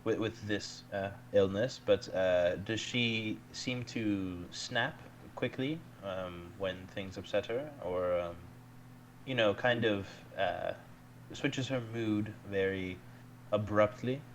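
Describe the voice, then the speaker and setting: A man playing a tabletop role-playing game, speaking in a halting way with many fillers. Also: fairly low pitch, slight background noise, low-quality recording. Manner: halting, filler-heavy, playful. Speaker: player.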